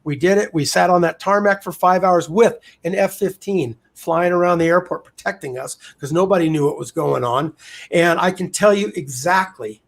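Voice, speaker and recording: Male podcast guest, high-pitched, lively and candid, recounting his career. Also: normal speed, vocal fry. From United States. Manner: energetic, candid storyteller. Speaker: podcast guest, real estate investor. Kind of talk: casual storytelling interview.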